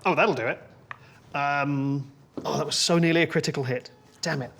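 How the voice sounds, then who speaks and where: An English man narrates a tabletop game as dungeon master, his voice sitting a touch high. He rambles through the action and laughs often at his own descriptions. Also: normal speed, gravelly, fairly bright tone, slight background noise. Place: indoor room.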